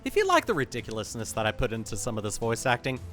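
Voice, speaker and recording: A man's voice: medium pitch, huge pitch swings, fast talker, a bit bright, soft background music. A man giving wry, amused commentary while playing a game on his channel. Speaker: gaming YouTuber. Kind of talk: let's play commentary.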